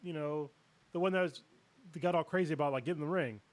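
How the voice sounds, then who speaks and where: A man's voice: a little high, fast talker, no echo. A man hosting a casual livestream chat, joking around and steering the conversation onto new topics.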